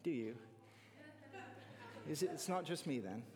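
A man's voice: fairly high pitch, animated, a little slow, a little mellow, big-room sound. A man preaching an earnest, conversational sermon to his church, often asking his listeners questions. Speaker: pastor.

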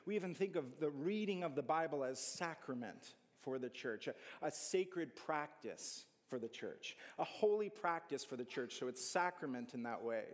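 A man's voice: on the high side, expressive, moderate pace, hardly any pauses, long reverb tail. A man preaching an earnest, conversational sermon to his church, often asking his listeners questions. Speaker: pastor.

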